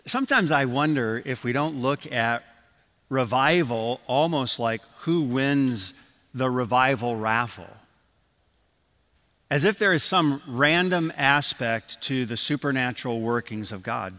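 A man's voice: medium pitch, a little slow, pushed and bright, big-room sound. An older man from Michigan preaching an evening sermon as pastor, telling a story with many restarts and asides. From Michigan, USA. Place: church sanctuary.

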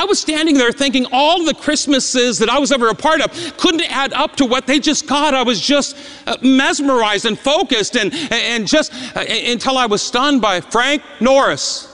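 A man preaching a sermon as an emotional story, stammering repeats and swinging between loud and hushed. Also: very high-pitched, normal speed. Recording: long reverb in a large hall.

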